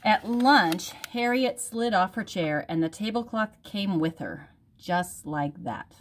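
Woman teacher, reading a picture book aloud, slow, gentle, at home. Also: medium pitch, animated, slight background noise.

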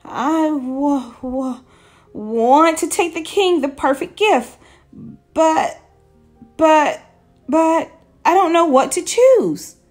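A woman's voice: sits high, sing-song, measured pace, slightly rough, faint music behind, voice pushed up, heavily acted. Eager little bear cub, as a woman reads him. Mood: nervous. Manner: earnest, stammers when nervous.

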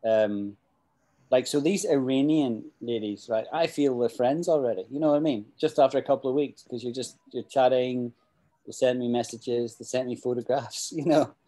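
Chatty Scottish man with a mellow voice. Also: mid-range voice, moderate pace. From Scotland. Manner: chatty and rambling, with frequent restarts and "you know". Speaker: English teacher. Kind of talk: casual spoken English lesson.

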